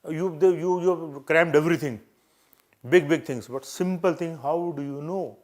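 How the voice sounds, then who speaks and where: This older interview coach has an Indian English accent and a slightly high, darkish voice at a moderate pace. He offers earnest, repetitive guidance in a live advice session, acting out brief exchanges along the way.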